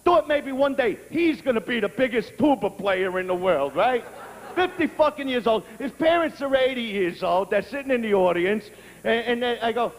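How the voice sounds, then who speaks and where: A man doing a profane live stand-up routine, brash and crude, breaking into shouts. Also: very high-pitched, expressive, fairly quick, a little hiss or hum. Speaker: stand-up comedian. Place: stage before a live audience. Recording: reverberant live venue with crowd.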